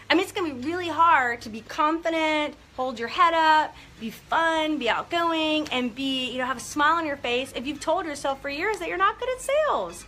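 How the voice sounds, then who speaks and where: A woman business coach talking casually and excitedly to viewers on a live video and calling out their names. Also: high-pitched, a little fast, a little hiss or hum. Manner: upbeat, gushing, talks to viewers by name.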